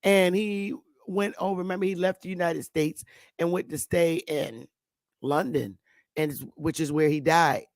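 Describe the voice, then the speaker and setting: A woman's voice: deep voice, steady tone, normal speed, dry recording, studio quality. A woman hosting a casual morning talk show, rambling and blunt, with frequent swearing.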